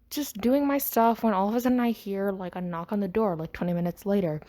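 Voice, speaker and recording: A woman's voice: medium pitch, a little mellow. A woman hosting a podcast, telling a personal story in a rambling, chatty way. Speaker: podcast host. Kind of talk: casual storytime monologue.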